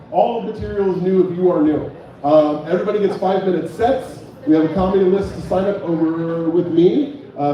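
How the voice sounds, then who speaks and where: A man's voice: high-pitched, very echoey, recorded from a distance, lo-fi sound, a little hiss or hum. A young man hosting a bar comedy night and doing stand-up, loose and joking, chatting with the crowd. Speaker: comedy show host and stand-up comic.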